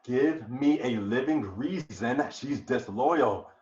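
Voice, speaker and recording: A passionate, vengeful general, played by a man in an amateur Shakespeare reading. His voice swings from hushed brooding to roaring outbursts. It sounds echoey and muffled, like a room recorded on a lo-fi mic. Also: medium pitch, lively intonation, takes it slowly. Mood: jealous rage. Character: jealous male general Othello, passionate and vengeful.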